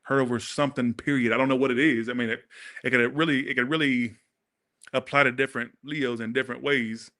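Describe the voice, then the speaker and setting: A man with a drawl runs a casual tarot reading, his voice bright and forward. He talks to his viewers directly, blunt and sassy, and keeps the energy animated. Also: mid-range voice, a little fast. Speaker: tarot reader.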